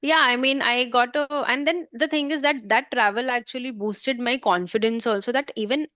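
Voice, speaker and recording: A woman's voice: a little high, fairly even intonation, normal speed, fairly bright tone, dry recording, dull audio. A woman from India with an Indian accent, a German language trainer answering interview questions at length, full of fillers and restarts. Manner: rambling, many fillers and restarts.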